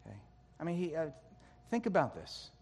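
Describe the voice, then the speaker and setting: A middle-aged man preaching a sermon, animated and jokey, acting out complaints with his voice climbing higher. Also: fairly quick, gravelly, husky. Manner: animated, jokey, acts out complaints with rising pitch. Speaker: pastor. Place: church sanctuary. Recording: long reverb of a large hall.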